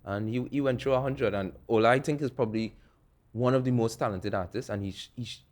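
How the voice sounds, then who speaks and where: A man's voice: medium pitch, fast talker, darkish tone. A young man, telling stories in a laid-back way as a music producer on a podcast, laughing often. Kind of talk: casual interview chat.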